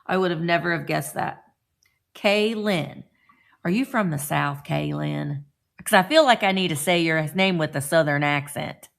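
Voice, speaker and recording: Middle-aged woman, casual live-stream host, low gravelly voice, greets every viewer by name. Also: normal speed. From Indiana.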